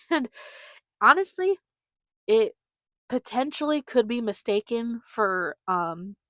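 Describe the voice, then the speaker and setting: A woman's voice: on the high side, sing-song, takes it slowly, fairly bright tone, no room sound. A young woman hosting her podcast, chatting casually with many fillers and giggles. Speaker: podcast host. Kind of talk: casual solo chat.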